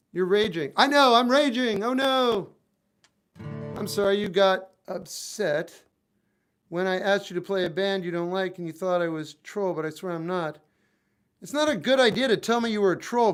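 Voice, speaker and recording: High-pitched guy on a guitar livestream, reading chat and firing back dry snarky asides, guitar loud in the background. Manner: wry, talks back to chat, exasperated asides. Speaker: livestream musician. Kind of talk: casual livestream chat reading viewer comments. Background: acoustic guitar playing.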